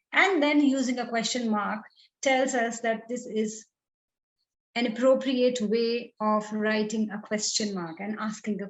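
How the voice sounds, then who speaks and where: A woman with an Indian English accent teaching a writing workshop, explaining step by step and often checking in with "right?". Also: a little high. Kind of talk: online lecture on punctuation. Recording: echoey room.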